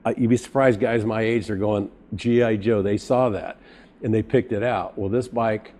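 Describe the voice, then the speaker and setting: A man's voice: on the low side, moderate pace. A middle-aged man, a custom bike builder, telling a long story in casual podcast talk and acting out the voices of the people in it. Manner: animated storyteller acting out quoted dialogue.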